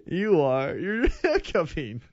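A man's voice: fairly high pitch, wildly swooping pitch, takes it slowly, dry recording, lo-fi sound. A man co-hosting a comedic podcast, reacting with sarcastic, exasperated, swearing remarks. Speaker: podcast co-host. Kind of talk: casual comedic podcast chat.

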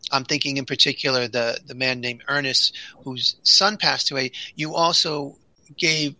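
A man hosting a podcast, asking long, halting questions with repeated words. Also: mid-range voice, steady tone, pushed and bright, dry recording, rough recording. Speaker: podcast host. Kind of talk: interview questions.

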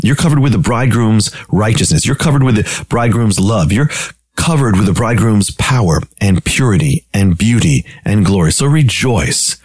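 A man's voice: on the low side, darkish tone, no echo. Emphatic male radio preacher. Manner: emphatic, repeating phrases with rising urgency. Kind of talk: radio sermon.

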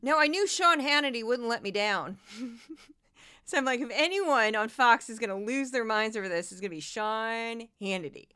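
A woman's voice: on the high side, moderate pace, bright, forceful tone, smooth, no room sound, clean studio sound. A woman in her forties hosting a podcast, giving casual, sarcastic and exasperated commentary on news clips. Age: 40s. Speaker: podcast host.

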